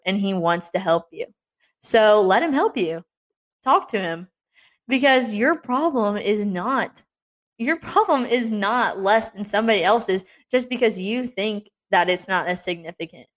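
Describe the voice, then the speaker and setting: Young woman doing a chill faith talk, earnest and encouraging, kinda chatty with playful asides. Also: mid-range voice. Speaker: Christian devotional speaker.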